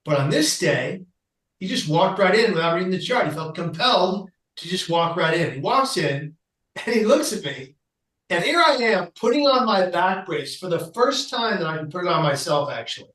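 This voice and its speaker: A man with a fairly high voice tells a personal story as a podcast guest, acting out the people he quotes with lively energy. He sits back from the microphone, so his voice carries a noticeable echo of the room. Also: moderate pace, recorded from a distance.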